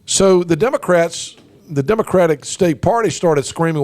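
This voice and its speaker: Opinionated talk radio host. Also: male voice, a little high, expressive, moderate pace, darkish tone, no echo. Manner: folksy, emphatic, many fillers and restarts. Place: radio studio. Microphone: studio microphone.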